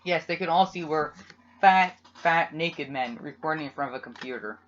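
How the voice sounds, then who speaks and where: A man co-hosting a podcast, chatting casually with teasing, deadpan absurd jokes. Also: on the high side, moderate pace. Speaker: podcast co-host. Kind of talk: casual joking chat. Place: home room at a computer. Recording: dull lo-fi home computer mic.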